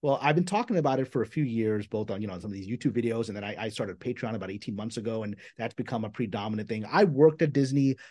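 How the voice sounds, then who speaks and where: Guy screenwriter on an interview, talks fast and excited, pushy emphatic delivery. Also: on the low side, no echo, clean studio sound. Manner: animated and emphatic, quick restarts. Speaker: screenwriter guest. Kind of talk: conversational interview.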